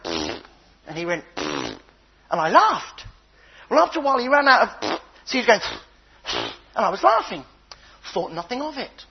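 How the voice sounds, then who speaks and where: Older man preaching, high husky voice, animated storytelling, slightly dull recording. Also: a little hiss or hum. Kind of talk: sermon.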